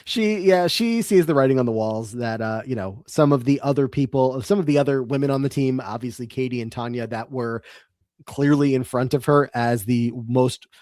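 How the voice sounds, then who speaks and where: A man co-hosting a podcast, recapping episodes in a relaxed, rambling way with many fillers. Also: mid-range voice, normal speed, no echo, studio quality. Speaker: podcast co-host. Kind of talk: casual podcast recap chat.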